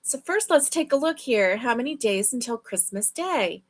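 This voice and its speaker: A woman's voice: on the high side, animated, normal speed. A woman hosting a crochet livestream, chatting casually with viewers. She sounds tired and yawns, but keeps up friendly, chatty greetings. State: tired and yawning. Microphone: livestream webcam mic.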